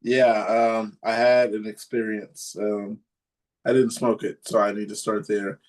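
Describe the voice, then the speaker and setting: A man's voice: on the low side, level tone, a little slow, darkish tone. A man in a podcast chat, telling a story in a rambling way with many ums and restarts. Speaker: podcast guest or co-host.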